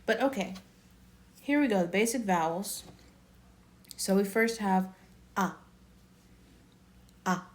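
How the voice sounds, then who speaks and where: A woman's voice: medium pitch, lively intonation, a little slow, pauses often. A woman giving a casual online language lesson, chatty and rambling, often correcting herself and laughing. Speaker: Korean language teacher.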